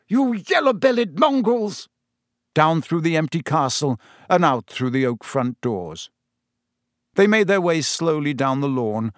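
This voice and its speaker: An audiobook narrator reads a storybook aloud with measured, expressive delivery. His medium-pitched voice comes through a dry, clean studio recording.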